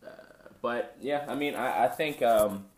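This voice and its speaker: A man co-hosting a podcast in a casual chat, animated and jokey, often trailing off. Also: mid-range voice, a little slow. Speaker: podcast co-host. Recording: roomy echo.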